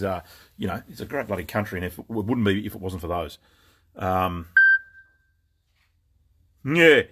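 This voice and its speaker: An Australian man hosting a casual live stream from his gun shop, rambling and greeting viewers by name, tired after a long day. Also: fairly low pitch. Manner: laid-back, rambling, greets viewers by name with lots of fillers. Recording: noisy background.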